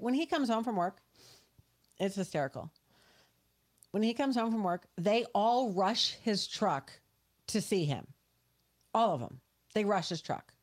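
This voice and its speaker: A woman co-hosting a podcast, earnestly explaining a situation in casual, talkative speech. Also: medium pitch. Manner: earnest, explanatory, talks it through with restarts. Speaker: podcast co-host.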